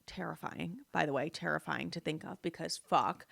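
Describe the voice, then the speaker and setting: Bright-voiced, profane young woman. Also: sits low, moderate pace, gravelly, no room sound. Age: 20s. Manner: candid, profane, animated retelling. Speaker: podcast host. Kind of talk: casual storytelling chat.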